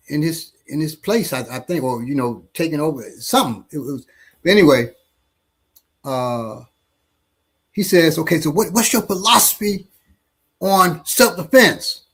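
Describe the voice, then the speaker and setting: A man, a martial arts instructor, telling a story in casual talk, halting and restarting often. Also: fairly high pitch, a bit bright, slightly rough. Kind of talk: casual storytelling in a panel discussion.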